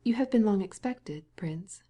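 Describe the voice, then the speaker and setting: A woman's voice: medium pitch, lively intonation, measured pace, mellow, husky, pitched above the performer's own voice. A woman voicing a painter's wife with stiff, testy politeness, in an audiobook.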